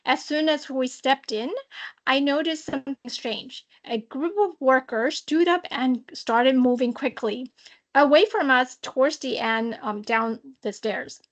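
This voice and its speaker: A woman with a high, bright-sitting voice tells a work story as a social compliance auditor. She speaks on a video call webinar, with a lively, dramatic storytelling manner and playful asides. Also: a little slow. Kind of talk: prepared talk telling a work story. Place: online webinar.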